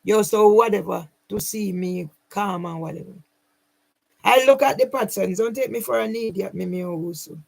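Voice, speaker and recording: A woman's voice: medium pitch, moderate pace, vocal fry, a little mellow, low-quality recording. A woman, running her own channel, speaking straight to camera in an angry, accusing and repetitive way. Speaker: channel owner. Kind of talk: angry direct-to-camera rant.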